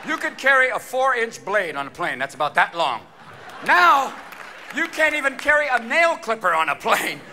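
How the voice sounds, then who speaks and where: A male stand-up comedian, manic and fast, with a high voice that swoops wildly up and down. He shouts and slips into quick character voices. The recording is live from a theater, with loud crowd laughter and noise behind him. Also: very animated. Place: theater stage before a live audience. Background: audience laughter.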